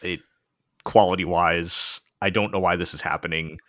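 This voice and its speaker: A man hosts a casual podcast conversation, tossing in wry asides and quick laughs. His voice sits low but bright and forceful. The mic is close and dry. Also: fairly even intonation, no echo. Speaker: podcast host. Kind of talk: casual chat.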